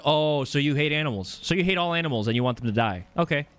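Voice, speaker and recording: A man's voice: mid-range voice, expressive, a little fast, fairly bright tone, dry recording. A man streaming a video game live, chatting playfully and joking with his viewers. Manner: playful, joking, reacts to chat. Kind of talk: casual live gameplay commentary.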